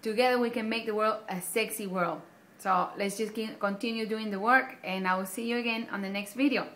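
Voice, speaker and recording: A woman's voice: medium pitch, steady tone, brisk, a bit bright. A woman presenting a self-help video, speaking in an earnest, encouraging way and often checking in with her listeners by asking "okay?" or answering her own questions. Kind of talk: motivational talk to camera. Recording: echoey room with faint background noise.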